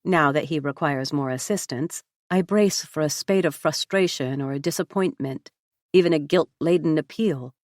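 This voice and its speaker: A woman narrating a first-person historical novel as an audiobook, measured and reflective. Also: sits low, darkish tone, no echo, clean studio sound.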